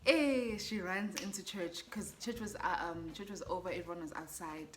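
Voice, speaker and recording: This is a young South African woman chatting straight to her viewers. She tells a personal story in a storytime vlog. Her delivery is animated, with exclamations and bursts of laughter. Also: on the low side, normal speed, slight background noise. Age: young adult. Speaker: vlogger.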